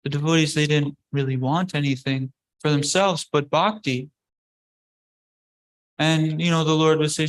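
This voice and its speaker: A man teaching a scripture class, telling the story in a conversational, halting way. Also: a little high, fairly even intonation, low-quality recording. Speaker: religious teacher.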